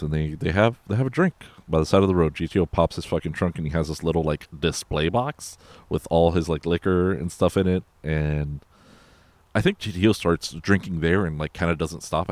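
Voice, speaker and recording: A man's voice: deep voice, a little mellow, no echo. A man casually recapping a movie in a loose, rambling and profane way, full of fillers and asides. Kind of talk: casual film recap chat.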